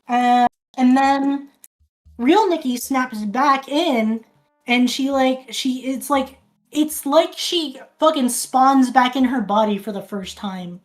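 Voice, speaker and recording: A woman's voice: a little high, takes it slowly, faint music behind. A woman streamer casually recapping a film, rambling, restarting sentences and swearing often.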